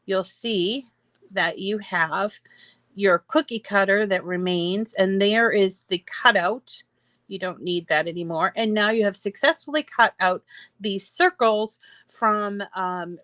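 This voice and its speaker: A woman walks through a craft project step by step at a slow, unhurried pace, with plenty of small fillers as she goes. Her voice sits close and dry on a desk mic, with no room sound around it. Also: medium pitch, a bit bright, no echo. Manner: chatty, explains step by step with fillers. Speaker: craft tutorial host. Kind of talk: screen-share craft tutorial.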